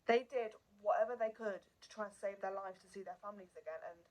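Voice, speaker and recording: A woman's voice: mid-range voice, fairly even intonation, fast, a little mellow, rough recording. Earnest woman retelling a true crime story. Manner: earnest and emotional, repeats words for emphasis. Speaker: true crime channel host. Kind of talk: casual unscripted true crime narration.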